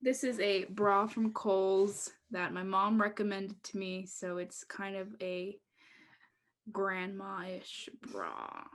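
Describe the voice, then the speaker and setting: A woman's voice: mid-range voice, big pitch swings, slow pace. A young woman co-hosting a podcast in casual chat, candid and jokey, often breaking into laughter. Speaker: podcast co-host.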